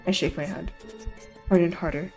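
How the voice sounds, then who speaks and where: A woman's voice: lowish voice, steady tone, fairly quick, darkish tone, soft background music. A woman streamer giving an intense, dramatic first-person reading of a visual novel.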